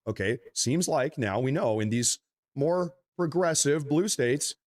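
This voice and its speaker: A man co-hosting a livestream, reading news items in a measured tone and addressing the audience as folks. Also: medium pitch, animated, a little mellow, no room sound, studio quality.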